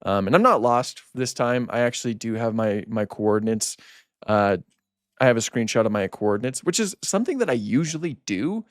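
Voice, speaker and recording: A man's voice: medium pitch, dry recording, studio quality. A man hosting a gaming channel, chatting casually as he plays and repeating himself when startled. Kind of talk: casual let's-play commentary.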